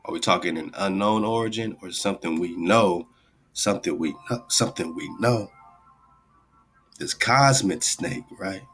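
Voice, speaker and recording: Over faint background music, a man with a low, fairly bright voice hosts a radio talk show at normal speed. He rambles through casual esoteric commentary on a screen share, often adding "right?" and "man".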